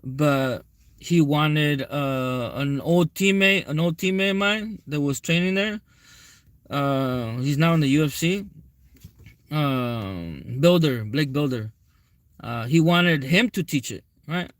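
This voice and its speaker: Rambling, profane man with a higher voice. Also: slow, dry recording. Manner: rambling, profane, keeps asking viewers "right?". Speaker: tarot reader. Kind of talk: casual storytelling vlog to viewers.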